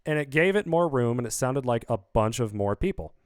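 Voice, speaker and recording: Man, musician walking through his own track, chatty and upbeat with fillers, smooth voice on a close dry mic. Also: medium pitch, expressive, fairly quick, dry recording. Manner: rambling, upbeat, lots of fillers. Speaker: musician explaining his song. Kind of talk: casual video breakdown. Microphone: studio vocal mic.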